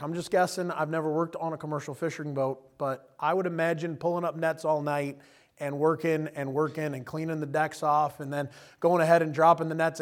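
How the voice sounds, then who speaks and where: A man preaching a sermon in a casual, conversational way, often chuckling and acting out the people he quotes. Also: fairly high pitch. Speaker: pastor.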